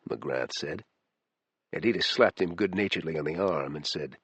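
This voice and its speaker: A man's voice: very deep voice, lively intonation, moderate pace, a bit bright, husky, no echo, dull audio. A man reading a thriller audiobook in a taut, dramatic storytelling manner. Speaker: audiobook narrator. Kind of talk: scripted thriller narration.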